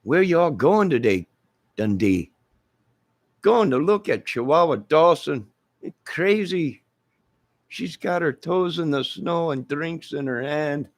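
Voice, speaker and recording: Comic bushman bit, over the top, pitched up, as a man puts it on. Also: expressive, takes it slowly, no room sound. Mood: cheery. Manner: exaggerated, playful. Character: joking mock Australian bushman, adult man.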